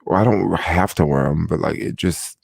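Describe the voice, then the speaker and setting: Tired, gravelly deep-voiced man livestreaming. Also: normal speed, dry recording, studio quality. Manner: relaxed and rambling, many fillers. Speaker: livestream host. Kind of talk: casual livestream chat. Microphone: desk microphone without headphones.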